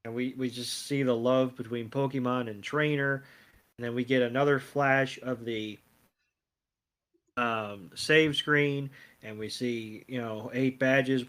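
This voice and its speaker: A man co-hosting a casual podcast, walking through scenes at a slow, easy pace. His voice sits at a middle pitch, and his telling rambles along with deadpan quoted lines. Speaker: podcast co-host. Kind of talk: casual podcast chat, recapping an episode.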